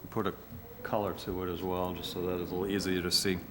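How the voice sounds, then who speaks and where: A man's voice: sits low, flat delivery, fast talker, noisy background. A man speaking matter-of-factly at a town meeting. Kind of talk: public meeting discussion.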